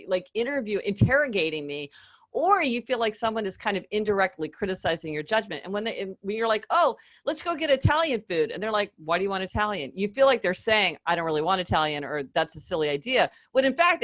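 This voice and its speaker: A woman's voice: mid-range voice, low-quality recording. A woman author speaking as an interview guest, explaining her ideas and acting out quoted exchanges. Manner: animated, acts out quoted dialogue. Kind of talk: conversational interview.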